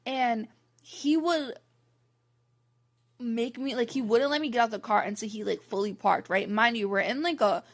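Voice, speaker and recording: In a higher-leaning voice at normal speed, a young woman vlogger delivers a candid storytime monologue to the camera. The personal story rambles along, exasperated and frank, with "like" thrown in constantly.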